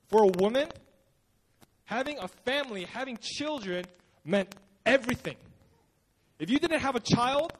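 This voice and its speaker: A male pastor with a very high-pitched, slightly rough voice delivers a casual church sermon. His storytelling is informal and conversational, heavy on fillers, and he acts out the quotes.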